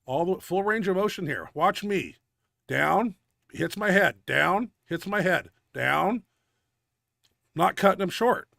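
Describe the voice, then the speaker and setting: A winded middle-aged man with a gravelly, fry-laden voice, talking through gym clips in blunt, cursing commentary. His voice sits a little high for a man and sounds close and dry, with no room around it. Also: expressive, slow pace, pushed and bright, no echo. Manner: blunt, profane gym talk. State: winded and out of breath. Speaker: host of a powerlifting video show. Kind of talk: casual commentary over lifting videos.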